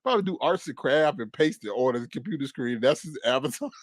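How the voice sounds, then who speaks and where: A man hosting casual reaction commentary, teasing and animated, breaking into laughs and drawn-out exclamations. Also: mid-range voice, no echo. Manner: drawn-out exclamations like "Lord have mercy". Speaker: commentary channel host.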